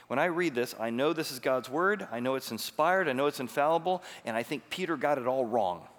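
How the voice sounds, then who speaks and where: A male pastor at a middle pitch delivers a lively, conversational sermon full of rhetorical questions. His voice carries the long reverb of a large hall. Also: fairly quick.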